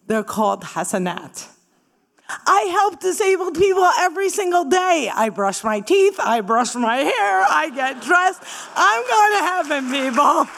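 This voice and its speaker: A woman's voice: high voice, sing-song, measured pace, vocal fry, a bit bright. A woman from Palestine doing stand-up comedy, punchy and sarcastic, rising to emphatic bursts. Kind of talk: stand-up talk with audience.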